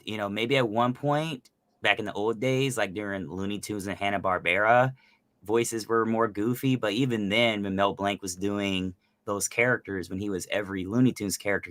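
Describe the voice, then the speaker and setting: A man with a lowish voice talks at a normal speed, with no echo on the recording. He's a voice actor appearing as a guest on a casual podcast, chatting animatedly about his craft and explaining things with lots of fillers.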